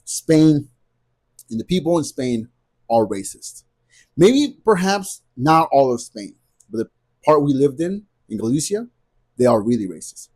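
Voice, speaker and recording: A man's voice: mid-range voice, big pitch swings, unhurried, long pauses, a little mellow, breathy edge. A man in his thirties talking to camera in a casual vlog, emphatic and repetitive as he rants. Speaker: vlogger.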